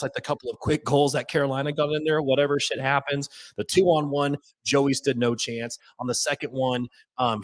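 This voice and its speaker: In a live rant after a game, a male podcast host rambles and curses, too excited to talk properly, using a desk mic with his headphones off. He has a mid-range voice, and the audio is poor, with no echo.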